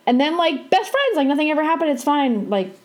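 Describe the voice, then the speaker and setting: Bubbly woman co-host, a touch high, laughs a lot, chatty spiritual podcast talk. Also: very animated. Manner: laughs often, bubbly, quick pitch jumps. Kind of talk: casual chat.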